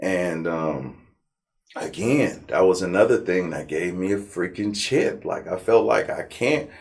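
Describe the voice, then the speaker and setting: A man's voice: low-pitched, unhurried, vocal fry. A man from Southern California, an interview guest, telling his life story with feeling, swearing freely and acting out what others said. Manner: animated, profane, acts out quoted people.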